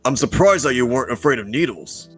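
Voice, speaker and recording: A man's voice: medium pitch, lively intonation, fast, slightly rough, soft background music. A man voicing a laid-back male tiger police officer while reading a visual novel aloud, in a friendly, teasing manner.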